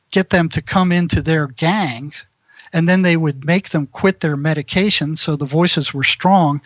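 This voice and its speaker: A man's voice: fairly high pitch, no room sound, muffled recording. A man, a mental health practitioner, telling rambling prison anecdotes as an interview guest. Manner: rambling storyteller who acts out quoted voices.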